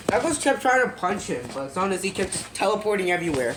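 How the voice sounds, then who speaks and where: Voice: mid-range voice, lively intonation, quick pace, background noise. A speaker casually retelling a creepy game story, full of fillers, restarts and wry asides.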